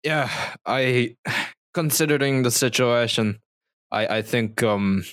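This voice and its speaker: A man voicing a stern, weary male dwarf captain in a tabletop game, speaking haltingly. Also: mid-range voice, fairly bright tone, no room sound, studio quality. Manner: hesitant, halting speech.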